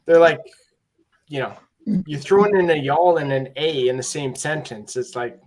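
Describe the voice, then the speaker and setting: A man's voice: on the high side, normal speed. A man from Ontario with a Canadian accent, chatting casually on a live stream with a rambling, laughing delivery. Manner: rambling, laughing, many fillers. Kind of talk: casual chat.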